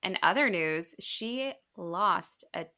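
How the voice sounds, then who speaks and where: A woman in her thirties co-hosting a podcast, telling a chatty, animated story about her young child in casual conversation. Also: on the low side, takes it slowly. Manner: animated, chatty, many filler words. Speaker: podcast co-host; mother of a five-year-old.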